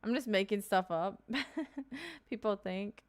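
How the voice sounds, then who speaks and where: A woman's voice: mid-range voice, lively intonation, slow pace. A woman from Kentucky streaming live, chatting casually with her viewers and reading out their comments with loose asides and fillers.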